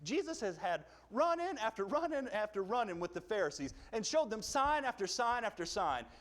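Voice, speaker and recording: A man preaching in a church, his voice pitched a little high for a man and ranging widely as he tells a Bible story. He acts out the quoted lines with sudden leaps in pitch. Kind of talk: sermon. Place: church sanctuary.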